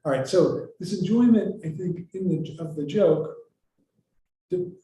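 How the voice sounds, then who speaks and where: A man's voice: sits high, unhurried, dark tone. A man giving an academic lecture in a casual, conversational way, often breaking off his sentences and telling jokes. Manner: conversational, self-interrupting, tells jokes. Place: lecture hall. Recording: echoey hall, voice from far off.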